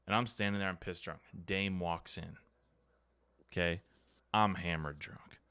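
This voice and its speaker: A man's voice: deep voice, steady tone, unhurried, bright, forceful tone, clean tone, no echo. A man hosting a podcast, telling a story in casual chat, acting out quotes and swearing freely. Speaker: podcast host. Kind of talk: casual chat, animated anecdote.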